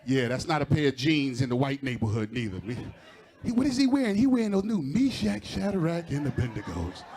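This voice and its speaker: A man's voice: fairly high pitch, sing-song, fairly quick, a little mellow. A man doing stand-up crowd work before a live audience, teasing people and laughing at his own jokes. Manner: teasing, laughing, talking straight to audience members. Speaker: stand-up comedian.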